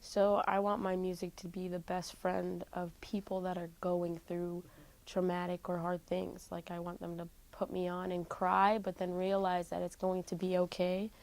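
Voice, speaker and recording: A woman's voice: fairly low pitch, monotone, normal speed, vocal fry, a little mellow, low-quality recording. A young woman musician telling a personal family story in an interview, candid and full of "like" fillers. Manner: heavy use of "like" fillers, candid.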